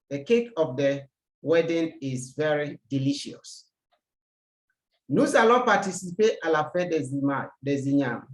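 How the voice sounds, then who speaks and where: A French teacher gives a recorded language lesson, speaking slowly and deliberately and repeating every example word. The voice sits in the mid range and the sound is roomy.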